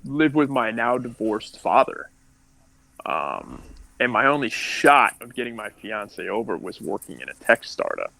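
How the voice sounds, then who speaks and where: A man's voice: medium pitch, big pitch swings, a little slow, gravelly, pushed and bright, no echo, rough recording. A young man from California telling his life story as a podcast guest, candid and rambling, full of likes and restarts. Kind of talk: casual storytelling.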